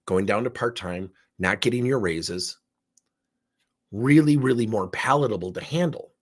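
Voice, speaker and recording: Husky middle-aged guy, coaching trainer, acts out both sides of the talk, pitch all over the place. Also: normal speed. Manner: animated, acts out dialogue with theatrics. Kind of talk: storytelling in a training session.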